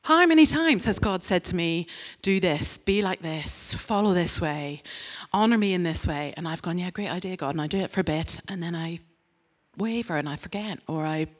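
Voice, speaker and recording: A woman giving a lively, humorous sermon, acting out quoted voices with big leaps up in pitch. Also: moderate pace. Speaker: preacher. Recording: long hall reverb.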